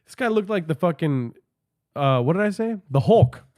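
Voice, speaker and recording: A man's voice: a little high, lively intonation, moderate pace, darkish tone, a little hiss or hum. A man hosting a podcast, telling a rambling, profane comic story and often asking the listener. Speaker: podcast host. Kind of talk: comedic storytelling monologue.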